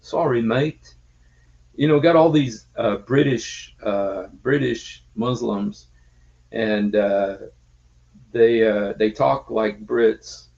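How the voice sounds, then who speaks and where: A man chats casually on a livestream, stopping and restarting often. His voice has a gravelly texture, and the stream audio is muffled and low-fidelity. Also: darkish tone. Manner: halting, many fillers and restarts. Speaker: livestream host.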